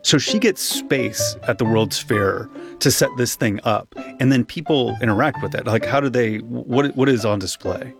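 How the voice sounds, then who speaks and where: A man's voice: mid-range voice, moderate pace, creaky, few pauses, music in the background. A man co-hosting a podcast, asking curious questions and reading long narrated passages. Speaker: podcast co-host. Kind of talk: casual chat with scripted narration.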